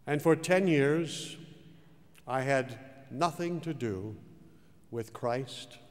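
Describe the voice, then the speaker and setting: A man preaching a sermon in a slow, dramatic style, rising to loud peaks and dropping to hushed words. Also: medium pitch. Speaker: pastor. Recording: hall reverb.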